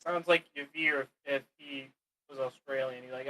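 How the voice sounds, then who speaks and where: A man's voice: medium pitch, fairly even intonation, normal speed, pushed and bright, rough recording. A man joining casual gaming banter with quizzical questions and goofy interjections. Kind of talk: casual chat while gaming.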